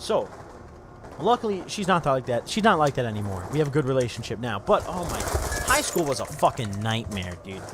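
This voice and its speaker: A man's voice: medium pitch, sing-song, a little fast, background noise. A young man hosting a gaming channel, telling a profane, rambling story over gameplay and saying "dude" constantly. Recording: gunfire from gameplay behind voice. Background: game gunfire and vehicles.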